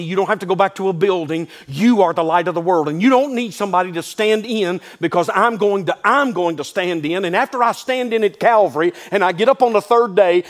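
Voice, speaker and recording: A man pastor preaching a sermon, telling folksy stories and building to emphatic declarations. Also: high-pitched. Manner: folksy asides, calls listeners "son".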